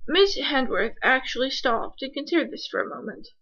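Bright-voiced woman reading a story. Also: on the high side, expressive, a little slow. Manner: voices each character, dry wry narration. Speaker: narrator. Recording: dull lo-fi recording.

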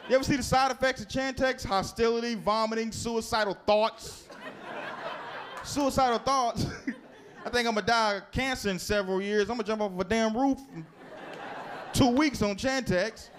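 High-voiced profane stand-up comedian. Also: male voice, fast talker. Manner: profane, animated storytelling with crowd work. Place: comedy club.

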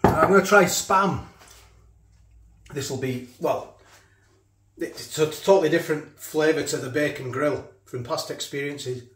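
A man's voice: fairly high pitch, unhurried, pauses often, a bit bright, reverberant. A man casually reviewing food for his vlog, chatting while he eats. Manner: chatty, talks while eating. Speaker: food vlogger.

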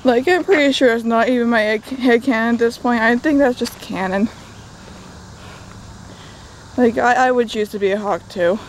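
A woman's voice: a little high, moderate pace, long pauses, slight background noise, poor audio. A young woman casually recapping a book on a walk in the woods, with sarcastic asides, recorded on a phone. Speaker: book vlogger. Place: outdoors in woods.

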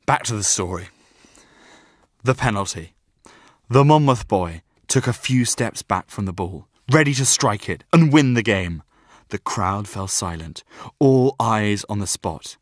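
A man's voice: lowish voice, measured pace, no echo, studio quality. A young man narrating a humorous memoir audiobook and bantering with his co-reader. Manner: lively, defensive comic reading.

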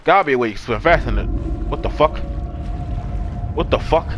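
A man with a high, wildly swinging voice reacting to a horror game, jumpy and cussing freely. His pitch leaps all over as he talks himself through the scares. A faint hiss of noise sits under his voice. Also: moderate pace, pauses often. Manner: excitable, jumpy, profane, yelling and gasping at scares. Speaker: gaming YouTuber. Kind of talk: horror let's play commentary.

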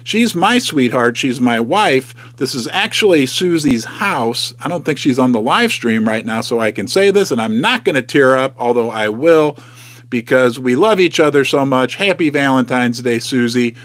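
A man's voice: medium pitch, lively intonation, normal speed, a bit bright, no room sound. A middle-aged man hosting a casual livestream from his home basement, chatty and folksy, often turning to ask his viewers questions. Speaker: host of a precious-metals investing channel.

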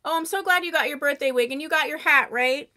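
High-voiced woman gushing on a live sale. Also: quick pace. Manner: chatty, gushing over products, answering viewers by name; tends to talk loudly. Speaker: wig seller hosting a live sale. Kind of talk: live-stream sales chat. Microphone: microphone.

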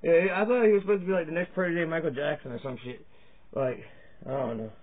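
A man's voice: a little high, quick pace. A man rambling through a profane, jokey comedy monologue to his camera, jumping from topic to topic. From Virginia, USA. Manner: crude, profane, jokey, jumps between topics. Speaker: comedy vlogger. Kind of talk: rambling stand-up style monologue. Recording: tinny phone-like lo-fi sound.

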